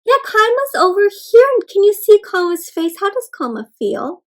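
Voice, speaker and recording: High-voiced woman reading to kids. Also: normal speed, few pauses. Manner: animated, teacherly, prompting kids to join in. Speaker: children's storyteller and teacher. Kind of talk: interactive read-aloud for kids.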